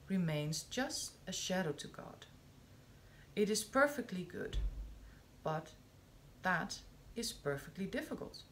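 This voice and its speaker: A woman reading a spiritual discourse aloud, slow and measured, with long pauses between phrases. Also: mid-range voice, a little hiss or hum. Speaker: reader of spiritual texts.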